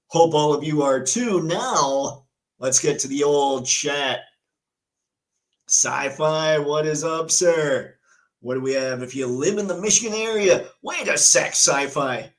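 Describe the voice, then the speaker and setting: A man hosting a casual live stream, chatty and excitable, reading viewer comments and news aloud. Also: fairly high pitch, a little slow, rough recording. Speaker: livestream host.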